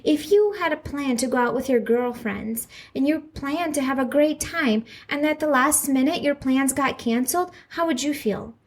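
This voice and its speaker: A woman in her thirties talks through a solo parenting podcast in a slightly high voice. She speaks earnestly and reassuringly, often turning to the listener with questions. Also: normal speed, few pauses. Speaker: podcast host, mother.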